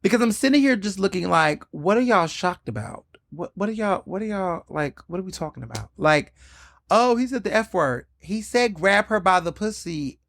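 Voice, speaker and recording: A sassy man hosts a solo podcast and speaks somewhat high for a man. His delivery is candid and swings in pitch, with free swearing. The sound is close and dry, with no room around it. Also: lively intonation, normal speed, vocal fry, a bit bright, no room sound. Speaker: podcast host.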